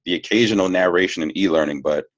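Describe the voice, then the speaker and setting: A man's voice: sits low, fast talker, no echo, highs cut off. A man who works as a voiceover actor, talking candidly and easygoing as an interview guest, laughing now and then. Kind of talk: casual interview talk.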